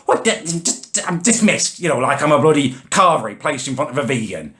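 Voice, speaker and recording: A man's voice: on the high side, sing-song, fairly quick, fairly bright tone. A man in a comedic vlog, ranting angrily and swearing with exasperation. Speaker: vlogger.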